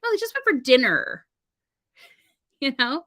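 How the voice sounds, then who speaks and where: A woman talks in a casual live-stream chat, with a bright, forceful tone. She tells stories in an animated way and acts out the other voices in her exchanges. She sounds like a regular co-host talking from her home studio. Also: high-pitched, takes it slowly. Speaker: podcast co-host and wedding officiant.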